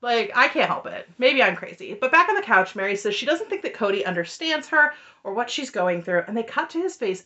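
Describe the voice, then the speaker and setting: A woman's voice: on the high side, sing-song, fairly quick, bright, forceful tone. A woman recapping a reality show in casual commentary, sarcastic and exasperated. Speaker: recap vlogger.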